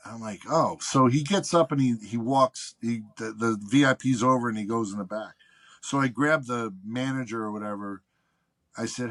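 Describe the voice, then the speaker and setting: A man's voice: medium pitch, moderate pace. A man guest on a podcast, telling a long anecdote in casual, profane chat and acting out the people he quotes. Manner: profane, animated anecdote teller doing quoted voices. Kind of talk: casual storytelling.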